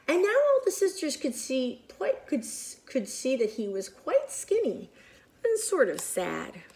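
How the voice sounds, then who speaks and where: A woman reading a picture book aloud to children in an expressive, animated way with whispered asides. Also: high voice, unhurried, slight background noise. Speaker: children's storyteller.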